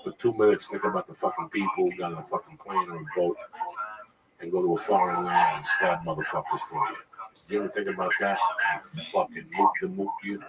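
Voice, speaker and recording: A man hosting a podcast, ranting loudly and profanely to his co-hosts. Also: deep voice, fairly even intonation, brisk, far from the mic, heavy background noise. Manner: loud, profane, shouting rant over music. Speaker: podcast host. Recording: loud music behind the voice.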